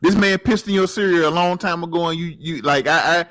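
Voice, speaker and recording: A man's voice: fairly high pitch, brisk, fairly bright tone. A man co-hosting a gaming podcast, pushing back in a reasoning, conciliatory way in casual chat. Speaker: podcast co-host.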